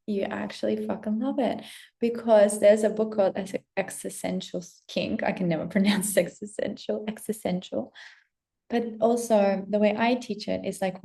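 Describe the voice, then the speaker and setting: Gravelly, mellow-voiced woman giving a pep talk. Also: medium pitch. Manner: emphatic, swears freely, acts out inner voices. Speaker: spiritual coach and vlogger. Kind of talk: casual motivational pep talk to camera. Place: outdoors or at a window on a trip abroad.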